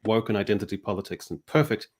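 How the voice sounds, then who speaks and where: A man's voice: lowish voice, animated, fast. A man hosting a livestream, chatting casually with a sarcastic, rambling delivery. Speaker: host.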